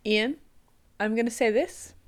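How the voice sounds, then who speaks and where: A woman's voice: on the high side, a little slow. A woman hosting a casual beer-tasting podcast, teasing and wry. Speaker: podcast host.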